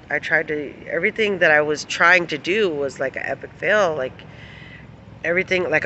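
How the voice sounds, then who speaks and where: A middle-aged woman chats straight to camera in a bright, forceful voice, rambling from one story to the next. She laughs often as she talks and swears without a second thought. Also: sits low, a little hiss or hum. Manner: giggly, laughs often while telling stories. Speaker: vlogger.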